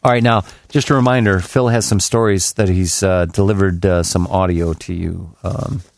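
A man's voice: sits low, fairly even intonation, normal speed, creaky. A man co-hosting a casual, jokey talk show, reading news items aloud with asides. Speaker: co-host. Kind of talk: casual radio-style banter.

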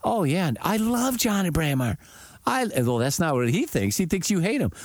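Animated, profane man telling a story. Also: sits high, normal speed, no echo, studio quality. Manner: profane, animated, acts out quotes. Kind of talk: casual storytelling.

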